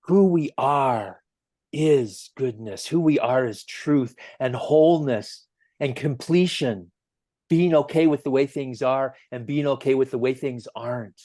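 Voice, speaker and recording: A man giving a gentle, earnest sermon as a minister, telling stories at an easy pace with emphatic swells. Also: mid-range voice, measured pace, dry recording, clean studio sound. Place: church sanctuary.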